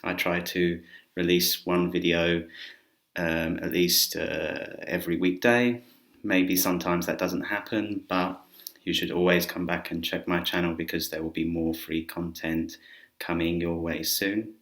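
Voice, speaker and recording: A man teaching an English grammar lesson in a relaxed, chatty way with filler words, speaking to camera indoors. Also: deep voice, unhurried. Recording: roomy echo.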